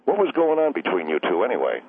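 A man calling in to a radio show, rambling and quick to take offense. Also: deep voice, wildly swooping pitch. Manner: rambling, touchy and defensive. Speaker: caller. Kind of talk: call-in radio chat. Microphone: telephone. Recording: tinny phone line, faint hiss.

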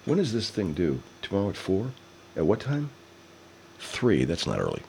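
A deep-voiced man rants casually at football highlights, swearing freely and grumbling about bad throws. His voice swings widely, rising sharply when a play surprises him. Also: huge pitch swings, normal speed, gravelly, slight background noise. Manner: profane, grumbling, reacts loudly to plays. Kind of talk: casual commentary while watching football highlights.

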